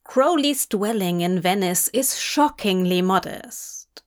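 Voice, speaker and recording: A woman reading a fanfiction story aloud in measured, gently wry scripted narration. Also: mid-range voice, lively intonation. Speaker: podfic reader.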